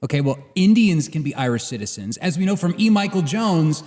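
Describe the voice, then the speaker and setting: A man's voice: a little high, sing-song, fairly quick, darkish tone, big-room sound. A man co-hosting a political talk show, arguing emphatically and repeating his points. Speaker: podcast co-host. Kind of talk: casual political debate.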